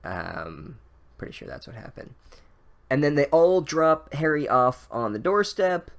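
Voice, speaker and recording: A man's voice: a little high, sing-song, a little slow, gravelly. A man giving a rambling, sarcastic, profane comedic recap of a book, full of "like" and restarts.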